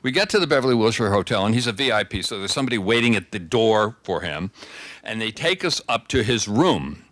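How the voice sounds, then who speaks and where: An older man telling a long anecdote to an audience in a low, dry, close voice. He chats along easily and often stops to restart a phrase. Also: animated, brisk, a bit bright, dry recording. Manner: conversational storyteller, frequent restarts. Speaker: guest speaker. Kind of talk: anecdotal talk.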